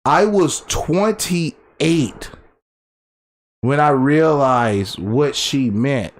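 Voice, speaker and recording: A man in his thirties co-hosting a podcast, telling stories in a rambling, animated way and laughing often. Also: mid-range voice, drawn-out words, a little hiss or hum. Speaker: podcast co-host. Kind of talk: casual storytelling chat. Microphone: desk microphone.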